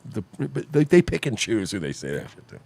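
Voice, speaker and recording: A man's voice: lowish voice, wildly swooping pitch, brisk, gravelly, darkish tone, slightly rough, no room sound. A man co-hosting a comedy podcast, mocking a clip with sarcastic jokes and frequent laughter. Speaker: podcast co-host.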